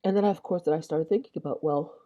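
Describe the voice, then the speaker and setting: Very low-voiced woman telling a dream. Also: fast, mellow. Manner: rambling, with many restarts and asides. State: yawning and clearing her throat. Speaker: Christian video host. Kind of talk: casual personal testimony. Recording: dull lo-fi sound.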